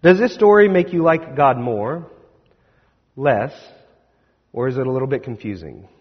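Husky-voiced man preaching in an echoey hall. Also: medium pitch, lively intonation, normal speed. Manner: conversational storytelling with rhetorical questions. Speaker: pastor. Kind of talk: sermon. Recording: echoey hall, slightly dull.

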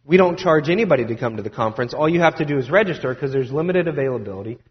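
Storytelling pastor in a reverberant hall. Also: male voice, mid-range voice, racing. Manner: storytelling, animated with asides and quoted dialogue. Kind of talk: conversational sermon. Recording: dull sound with long hall reverb.

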